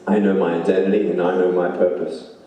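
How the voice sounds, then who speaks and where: Speaking a little fast in a low, dark, level voice, a motivational speaker gives an emphatic inspirational speech full of repeated lines. There's slight background noise, heavy echo from the hall, and the mic sits far off.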